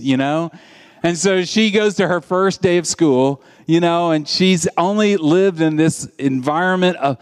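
A man preaching a sermon in an animated, conversational storytelling way. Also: mid-range voice, clean tone.

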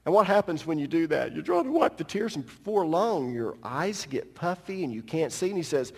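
A man preaching a sermon as pastor, telling a story with animated delivery and joking asides. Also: a little high, fairly quick, few pauses, slightly rough, long reverb tail.

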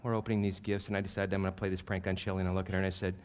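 Lowish-voiced man in his fifties preaching. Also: very fast, slight background noise. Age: 50s. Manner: animated, self-deprecating storyteller who gets loud at punchlines. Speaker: pastor. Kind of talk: sermon with personal storytelling.

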